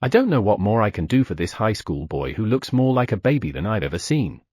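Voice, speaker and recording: A man narrating an audiobook in the first person with expressive delivery. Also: lowish voice, a little fast, slightly rough, no room sound, clean studio sound.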